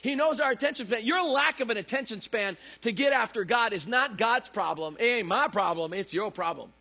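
A man preaching a lively, joking sermon who acts out voices in his stories. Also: very high voice, fairly quick. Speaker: pastor. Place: church service.

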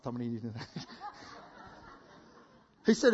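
A man preaching a lively sermon to a congregation, acting out voices and laughing between lines. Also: medium pitch, moderate pace, long pauses, slightly rough, highs cut off. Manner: animated, acts out voices, laughs often. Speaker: guest preacher. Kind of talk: energetic sermon.

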